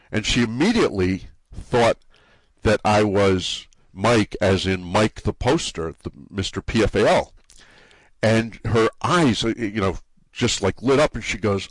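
Halting New England man, dry and close. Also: fairly low pitch, animated, no room sound. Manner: halting, many restarts and repeated words. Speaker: forum site owner being interviewed. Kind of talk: casual conversational interview.

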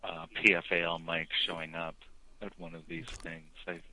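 Deep bright-toned wry interviewer. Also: male voice, level tone, moderate pace, rough recording. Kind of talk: casual interview questions.

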